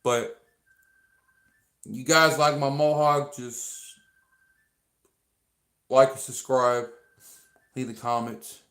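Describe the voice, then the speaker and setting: Speaking extremely slowly with long pauses, a man with a fairly bright, mid-range voice keeps a steady tone. He's casually addressing his livestream audience, rambling repetitively with plenty of fillers and earnest thanks, and the room echoes.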